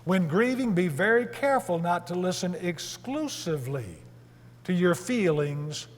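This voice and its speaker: A man preaching a sermon to a congregation in a deliberate, emphatic way, posing rhetorical questions as he works through scripture. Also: high voice, expressive, in a large hall. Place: church service hall.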